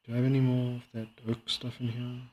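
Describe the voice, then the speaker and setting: A man chatting casually while playing a game and reacting to a video, rambling and halting with many fillers. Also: mid-range voice, monotone, darkish tone, muffled recording. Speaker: streamer. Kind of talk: casual gaming commentary.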